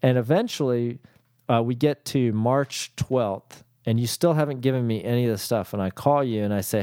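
A man's voice: mid-range voice, moderate pace, warm tone, dry recording, clean studio sound. A man who works as a CPA, talking bluntly and casually to small business owners and acting out both sides of his calls with clients. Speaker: CPA and accounting firm owner.

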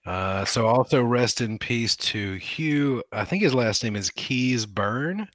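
A man's voice: mid-range voice, expressive, a bit bright, dry recording. Joking man co-hosting a casual podcast. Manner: laughing, jokey, does quick impressions. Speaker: podcast co-host.

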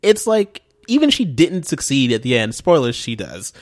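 A man's voice: mid-range voice, sing-song, normal speed. A young man co-hosting a casual podcast chat, laughing often, with loose fillers and swearing. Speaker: podcast co-host.

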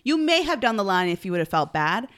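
A woman's voice: mid-range voice, big pitch swings, fast, a bit bright, clean tone. A woman co-hosting a podcast, chatting casually about the news with many fillers and restarts. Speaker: podcast co-host. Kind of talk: casual chat.

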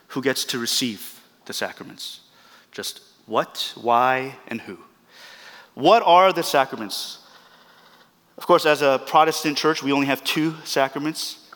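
A male pastor delivers an earnest, emphatic sermon in a bright, forceful voice. He stacks repeated phrases for emphasis. His words ring out with a long reverb through the church hall. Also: mid-range voice.

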